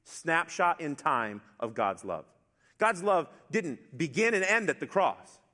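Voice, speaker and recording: Middle-aged pastor preaching in a reverberant hall. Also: male voice, on the high side, big pitch swings, slow, pushed and bright. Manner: conversational, storytelling with asides. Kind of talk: sermon.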